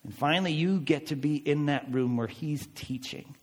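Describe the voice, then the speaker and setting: A man preaching a sermon, explaining a passage with animated, emphatic rhetorical questions. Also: a little high, moderate pace, hardly any pauses. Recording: reverberant hall.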